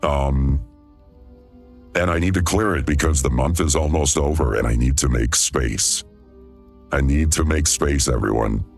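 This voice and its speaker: A man hosting a livestream, talking in a smooth, laid-back way. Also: a bass voice, a little slow, soft background music. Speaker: livestream host. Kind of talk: casual livestream chat.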